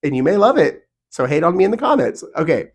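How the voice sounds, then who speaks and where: A man's voice: fairly high pitch, big pitch swings, fast. A middle-aged man vlogging from a home studio, talking to camera in a casual, opinionated, emphatic way with mock outrage. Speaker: theme park vlogger.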